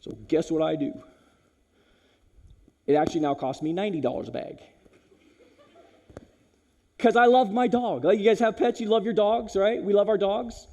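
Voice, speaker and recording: A man giving a talk at a school chapel, animated and direct, swinging between loud punchy lines and low hushed ones, calling the listeners "you guys". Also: moderate pace, pauses often, muffled recording. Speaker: chapel speaker.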